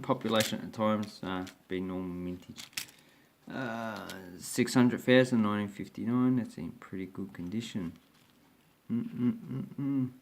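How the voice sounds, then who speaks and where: This man's lowish, slightly mellow voice carries a casual show-and-tell of his coin collection on his own channel, full of rambling, hesitation and restarts.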